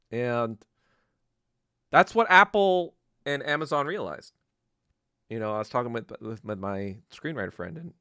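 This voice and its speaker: Profane ranting man, dry close mic. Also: no echo. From Korea. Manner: profane, swings from low mutter to loud bursts. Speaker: podcast host. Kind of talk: casual ranting monologue.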